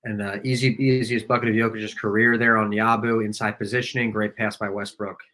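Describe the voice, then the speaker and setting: Bright-voiced man breaking down plays. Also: on the low side, little pitch movement, fairly quick, low-quality recording. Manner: analytical, breaks down plays with a joking aside. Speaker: co-host of a fan watch-party stream. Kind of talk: casual live game commentary.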